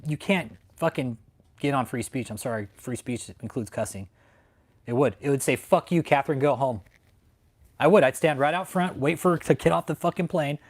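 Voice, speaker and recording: A man hosting a live stream, ranting in anger, swearing a lot and repeating his threats, from Texas. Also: mid-range voice. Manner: heated, profane, repetitive. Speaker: channel host. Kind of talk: angry livestream rant. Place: home in San Antonio.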